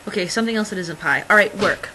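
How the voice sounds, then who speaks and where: A woman's voice: medium pitch, quick pace, pushed and bright, slight background noise, rough recording. A young woman vlogging in casual chat, rambling through stories with lots of fillers and wry, exasperated asides. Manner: rambling, filler-heavy storytelling.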